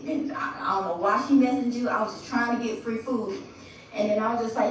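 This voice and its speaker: A young woman in her twenties rambles through a storytime vlog, lively and blunt, cursing freely and voicing the quotes herself. She sounds set back from the mic in a very echoey room, with a faint hiss underneath. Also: medium pitch, fast, distant mic. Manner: animated, swears freely, acts out quoted dialogue. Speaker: vlogger telling a personal story. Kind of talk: casual storytime monologue.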